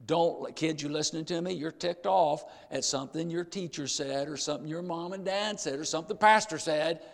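Gravelly older preacher in a hall. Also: male voice, a little high, fairly quick. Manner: emphatic, repeats key phrases, addresses the congregation directly. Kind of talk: sermon.

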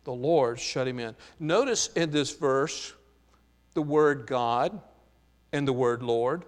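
A man preaching a sermon, teaching from the Bible in a slow, emphatic way with frequent filler sounds. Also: mid-range voice. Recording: long hall reverb.

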